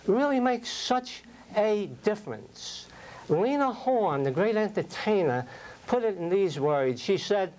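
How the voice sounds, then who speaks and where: An older man giving a prepared speech at a speaking club, telling stories and reading quotes in a slow, deliberate, reflective way. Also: high-pitched, animated, darkish tone, low-quality recording.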